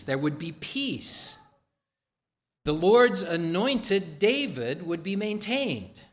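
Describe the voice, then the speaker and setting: Slow, measured male preacher. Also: high voice, very animated, a bit bright. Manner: slow, measured storytelling with quoted dialogue. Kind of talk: sermon retelling scripture.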